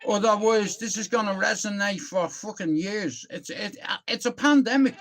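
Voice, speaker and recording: A man's voice: high voice, normal speed, over music. A middle-aged man with a Northern Irish accent ranting on his live stream, rambling, heated and swearing often into a phone. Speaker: livestreamer.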